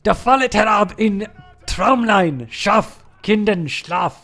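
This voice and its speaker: A man doing an exaggerated mock-German accent for a loud, theatrical hammy character during a game stream. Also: high voice, animated, slow, soft background music, pitched above the performer's own voice, full character voice. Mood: sing-song.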